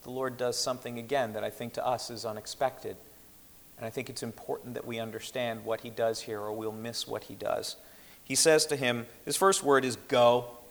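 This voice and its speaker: Male preacher, mid-pitched, earnest and measured delivery, long hall reverb. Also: steady tone, vocal fry, a bit bright. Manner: earnest, measured, with slowed emphatic quotations. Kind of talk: sermon.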